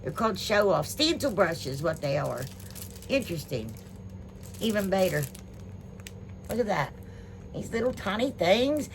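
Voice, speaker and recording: A woman's voice: medium pitch, very animated, unhurried, long pauses. Woman with an ohio accent, chatty home vlog host, gushing, filler-heavy, faint room noise. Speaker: DIY channel host. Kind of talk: casual unboxing chat to viewers.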